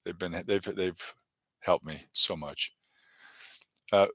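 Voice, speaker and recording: A man's voice: sits low, fairly even intonation, takes it slowly, long pauses, pushed and bright, husky, no echo. A man hosting his comedy channel on a live stream, chatting casually and rambling between jokes with lots of fillers. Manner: rambling, jokey, many fillers.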